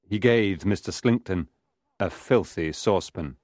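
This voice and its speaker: A man's voice: deep voice, a little slow, darkish tone, no room sound, clean studio sound. A man narrating a graded reader audiobook in a careful reading voice.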